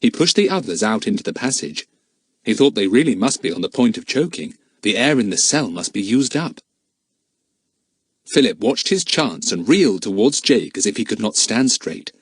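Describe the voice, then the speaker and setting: A man narrating a children's adventure audiobook in a lively, expressive reading. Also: fairly low pitch, normal speed, breathy edge. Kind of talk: storybook narration.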